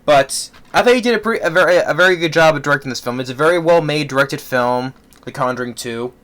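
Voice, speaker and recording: A man's voice: fairly high pitch, fast, a bit bright. A man giving a casual spoken movie review, rambling with many fillers and restarts.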